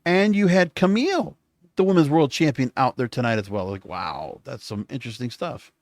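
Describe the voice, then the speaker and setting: This solo podcast host speaks at a moderate pace in an animated, medium-pitched voice, captured in clean studio sound with no room sound. Recording late at night, he recaps in a rambling, casual way and frequently corrects himself.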